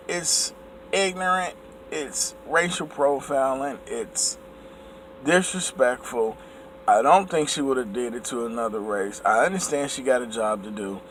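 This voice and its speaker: A man telling a personal story to his viewers in a casual vlog, his voice a bit higher than most men's. He talks in an animated way and at times acts out his own raised outbursts. There is faint noise behind him. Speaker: vlogger.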